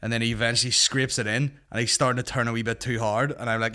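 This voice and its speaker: A man's voice: mid-range voice, level tone, fast, sharp tone. A young Northern Irish man hosting a comedy podcast, telling a rambling, sweary anecdote in casual chat. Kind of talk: casual storytelling.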